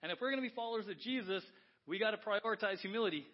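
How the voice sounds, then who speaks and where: Guy preaching in church, kinda husky breathy voice, highish, keeps asking the crowd stuff, muffled lo-fi audio. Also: very fast. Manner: lively, conversational preaching with frequent rhetorical questions. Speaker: pastor. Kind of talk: sermon.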